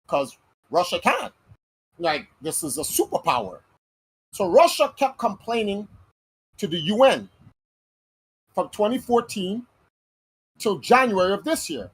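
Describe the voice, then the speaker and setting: An American man hosting a casual podcast monologue, talking in slangy, animated speech and acting out quoted voices. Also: high voice, measured pace, pauses often, husky, rough recording. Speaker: podcast host.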